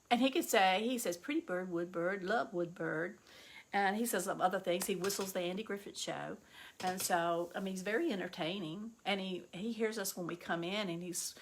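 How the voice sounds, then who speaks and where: Middle-aged woman, chatty excitable storyteller, gravelly voice for a casual vlog. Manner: excitable, chatty storyteller with bursts of high-pitched delight. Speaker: vlogger showing yard sale finds.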